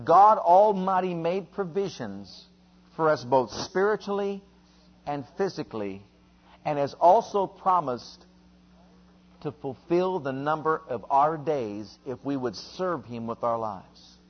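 Husky high-voiced man preaching slowly. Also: lively intonation, muffled recording. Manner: emphatic, repetitive, leads congregation in call-and-response. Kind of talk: sermon.

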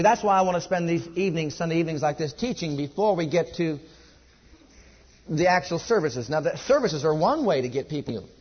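A man's voice: a little high, lively intonation, a little fast, breathy edge. A male pastor preaching a sermon with a fervent, repetitive cadence. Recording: dull lo-fi church recording.

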